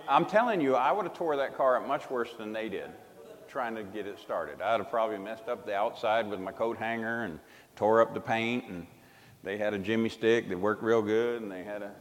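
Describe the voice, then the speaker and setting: Emphatic low-voiced preacher in a hall. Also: male voice. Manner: emphatic, swinging from loud to hushed. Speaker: preacher giving testimony. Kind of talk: sermon storytelling.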